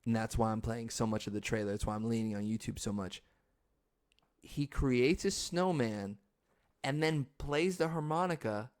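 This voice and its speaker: A man hosting his own podcast, chatting casually and excitably, laughing often and acting out quotes in high voices. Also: moderate pace. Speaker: podcast host. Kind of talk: casual solo podcast talk.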